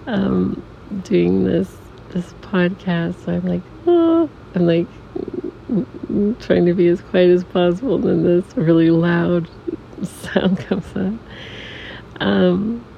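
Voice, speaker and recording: A middle-aged woman telling a reflective personal story as a podcast guest, softly and haltingly, with many restarts and some near-whispers. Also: lowish voice, flat delivery, creaky. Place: room in a family home. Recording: dull recording with faint air conditioner hum. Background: air conditioner hum.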